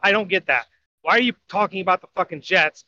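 A man's voice: sits high, fast talker, bright, forceful tone, dull audio, a little hiss or hum. A man co-hosting a sports podcast, opinionated and asking exasperated questions. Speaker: podcast co-host. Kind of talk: casual sports chat.

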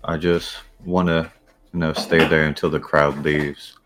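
A man with an extremely deep voice plays in a tabletop game, speaking slowly and deliberately. Faint music runs behind him. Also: level tone. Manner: slow, measured in-character speech. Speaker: player. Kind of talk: tabletop role-play.

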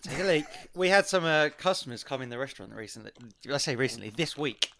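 A man's voice: medium pitch, fast talker, gravelly, slight background noise. A man telling a story in casual podcast chat, acting out the quotes with sudden exclamations. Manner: animated, acts out quotes with rising exclamations. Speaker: podcast co-host.

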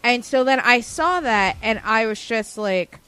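A woman telling an animated, sassy story in a casual group chat. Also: fairly high pitch, unhurried.

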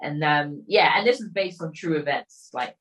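Casual woman, lowish voice, rambling recap full of quoted lines. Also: animated, moderate pace, fairly bright tone, poor audio. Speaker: storyteller recapping a film. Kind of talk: casual chat.

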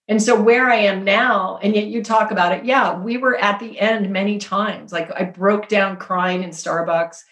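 Earnest woman telling stories in an echoey room. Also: medium pitch. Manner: earnest, animated storytelling with spiritual talk. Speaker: podcast guest. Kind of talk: casual chat.

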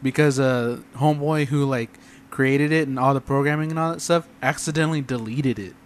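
A man's voice: medium pitch, steady tone, a little fast. A man in casual gaming chat, easygoing and slangy, who laughs easily.

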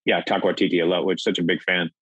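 A middle-aged man from Minnesota, a comedic actor and filmmaker, telling an animated anecdote and acting out the voices. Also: deep voice, rapid-fire, husky, dry recording, highs cut off. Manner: acts out voices in his anecdotes, excitable. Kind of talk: animated storytelling. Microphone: video call.

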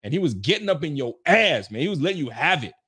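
A man doing casual reaction commentary as a sports fan, excitable and ranting, laughing often. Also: on the high side, fast, husky.

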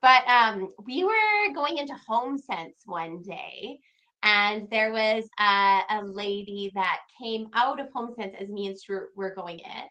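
A woman guest on a podcast, chatting casually and telling animated stories with frequent laughter. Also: medium pitch, measured pace, dull audio. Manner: animated storyteller, laughs often. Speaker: podcast guest, home renovation creator.

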